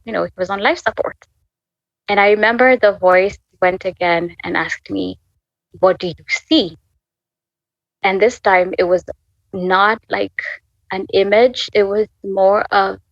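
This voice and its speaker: A woman in her twenties telling an emotional faith story as a podcast guest. She speaks haltingly, restarts often, and laughs through tears. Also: mid-range voice, a bit bright, dry recording, dull audio. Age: 20s. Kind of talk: emotional personal testimony.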